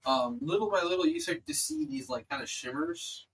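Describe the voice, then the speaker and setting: A man's voice: high-pitched, huge pitch swings, moderate pace, a little hiss or hum, rough recording. A man narrating as dungeon master of a tabletop game, loose and casual with lots of filler words.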